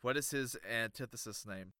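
A man with a bright, crisp voice co-hosts a casual podcast chat, rambling a little and hunting for the right words as he pitches ideas. He is recorded close and dry. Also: normal speed, dry recording. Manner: rambling, searches for words, laughs easily. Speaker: podcast co-host.

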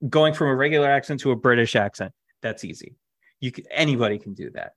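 A man's voice: mid-range voice, lively intonation, quick pace, a bit bright. A man co-hosting a casual podcast, rambling with lots of fillers and restarts. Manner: acted on stage. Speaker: podcast co-host. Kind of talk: casual chat.

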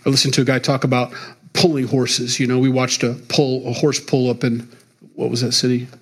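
A man's voice: mid-range voice, level tone, a little fast, slightly rough. A middle-aged man preaching a sermon as pastor, talking in a loose, conversational way and chuckling between points.

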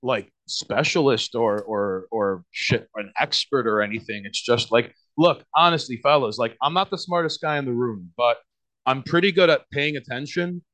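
A man's voice: medium pitch, normal speed, a bit bright. A man with a New York accent, a guest on a podcast, talking casually in a rambling way. He leans on fillers, restarts and lots of swearing.

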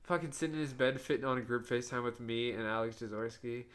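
A man's voice: mid-range voice, fast talker, background noise. A young man co-hosting a casual podcast chat, telling rambling, profane stories and laughing often. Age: young adult. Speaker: podcast co-host.

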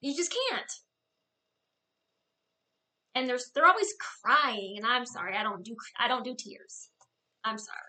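A woman's voice: a little high, expressive, unhurried, pauses often, pushed and bright. A woman co-hosting a casual political chat show, talking in a blunt, exasperated way and often restarting her sentences. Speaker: co-host.

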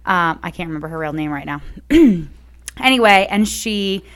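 A woman's voice: lowish voice, lively intonation, normal speed. A woman co-hosting a podcast, chatting casually with many filler words and light laughs. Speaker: podcast co-host. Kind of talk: casual chat.

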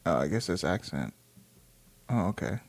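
A man's voice: low-pitched, expressive, moderate pace, gravelly, breathy edge. A man reading an article aloud and chatting casually about it, rambling and swearing as he reacts. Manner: rambling, profane, reads aloud then reacts.

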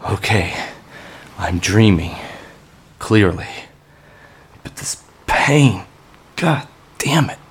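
A man voicing an injured, frantic man haunted by his dead ex, who swears and shouts in a raw, unhinged, pained way. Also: fairly low pitch, lively intonation, takes it slowly, gravelly, long pauses, breathy edge, pitched above the performer's own voice, exaggerated voice. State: coughing and in pain.

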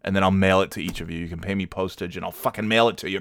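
Furious, cursing podcast host. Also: male voice, deep voice, fairly even intonation, very fast, no echo, clean studio sound. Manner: furious, profane ranting and shouting. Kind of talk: ranting podcast outtake.

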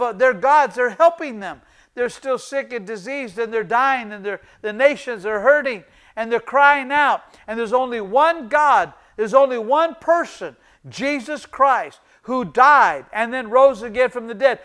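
A man's voice: very high voice, clean tone. A middle-aged male pastor preaching a sermon, pressing points by repeating short phrases and calling out to the congregation. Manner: emphatic, repeats key phrases for emphasis; addresses the congregation as ladies and gentlemen.

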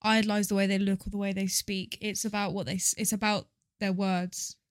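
A young woman co-hosting a podcast in casual chat, enthusiastic and quick to laugh. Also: medium pitch, level tone, dry recording, studio quality. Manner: chatty, enthusiastic, laughs often. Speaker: podcast co-host.

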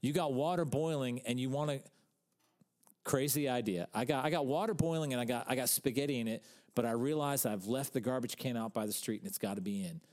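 A man's voice: medium pitch, fairly quick, darkish tone. A man, the pastor co-hosting a church podcast, chatting casually in a joking, rambling way and repeating himself as he goes.

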